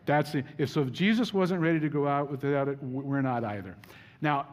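Male preacher, mid-pitched, relaxed and self-deprecating storyteller, reverberant church sound. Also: brisk. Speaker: pastor. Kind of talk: sermon. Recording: reverberant hall.

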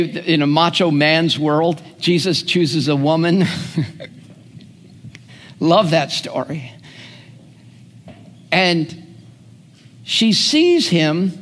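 Pastor type, man, high voice, slow earnest sermon delivery, long hall echo. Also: a bit bright.

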